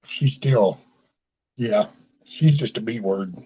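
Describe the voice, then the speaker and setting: A man's voice: on the low side, slow pace, dark tone, breathy edge, poor audio. A man hosting a casual chat, rambling through folksy stories with mild cursing and acted-out quotes. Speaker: host of a casual live chat.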